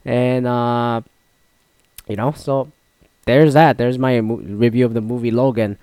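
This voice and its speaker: A man's voice: mid-range voice, steady tone, a little slow, warm tone, clear, resonant tone, dry recording. A man hosting a solo podcast, chatting casually about sports in a rambling, profane way with many restarts. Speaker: podcast host.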